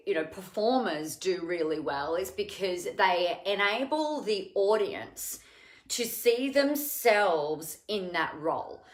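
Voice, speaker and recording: A woman's voice: medium pitch, fairly bright tone, echoey room. A woman from Australia hosting a casual live stream at home, chatting in a rambling way and greeting viewers by name. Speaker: live show host. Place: home room with cats.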